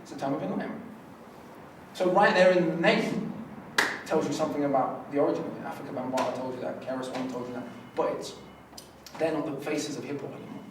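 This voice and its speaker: A man's voice: a little high, fast talker. A man, a rapper on a festival press panel, talking passionately and lecturing, sometimes acting out voices and rhythms. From United Kingdom. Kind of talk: passionate press conference talk. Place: conference room. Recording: echoey room, mic far off, faint noise.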